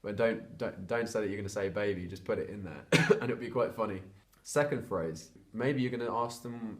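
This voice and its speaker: A man's voice: fairly low pitch, brisk. A young man from England talking casually to camera, chatty and hesitant with lots of fillers and restarts. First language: English. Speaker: vlogger.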